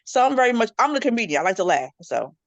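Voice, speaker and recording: Fast-talking animated woman, dry sound. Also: no echo, muffled recording. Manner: animated storytelling, jumps into high-pitched quoted voices. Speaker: panel guest. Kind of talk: casual chat.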